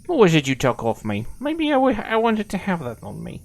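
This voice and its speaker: A man's voice: sits high, wildly swooping pitch, fairly quick, gravelly, slight background noise, voice pushed up, exaggerated voice. A man voicing his pet dog as a petulant, grumpy talker. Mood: whiny. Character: grumpy pet dog talking back to owner.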